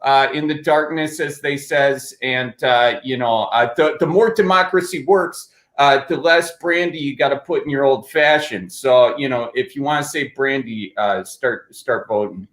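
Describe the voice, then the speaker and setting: A man's voice: mid-range voice, normal speed, few pauses, a bit bright, roomy sound. A man chatting and joking on a video call from home, rambling playfully. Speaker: guest. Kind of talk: joking casual chat.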